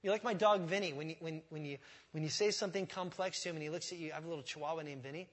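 A man's voice: a little high, very fast, fairly bright tone. A man preaching a sermon in a conversational way, with rhetorical questions, asides and self-deprecating humor. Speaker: pastor.

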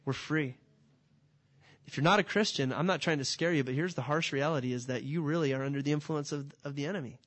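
A man's voice: on the high side, fast. Emphatic male preacher. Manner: energetic, emphatic, rhetorical questions. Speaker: pastor. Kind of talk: sermon.

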